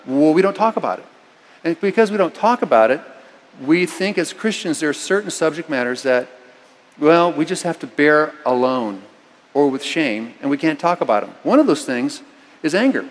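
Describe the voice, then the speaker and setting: A middle-aged man preaching a sermon, telling a personal story with sudden loud, emphatic lines. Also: on the high side, lively intonation, fairly quick. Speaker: pastor. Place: church. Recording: long reverb of a church hall.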